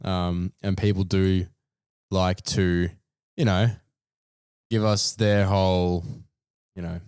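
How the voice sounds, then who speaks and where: A man's voice: deep voice, little pitch movement, takes it slowly, darkish tone, clean tone, no echo, clean studio sound. A young man co-hosting a podcast in a laid-back casual chat, swearing freely and chiming in with agreement. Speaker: podcast co-host.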